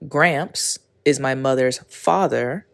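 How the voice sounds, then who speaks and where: A woman's voice: a bass voice, slow pace, gravelly. A woman in her thirties hosting her own podcast, talking candidly and rambling with many fillers, recorded on a phone outdoors. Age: 30s. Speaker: podcast host. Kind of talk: casual spoken intro and monologue. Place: outdoors on a walk or in a park.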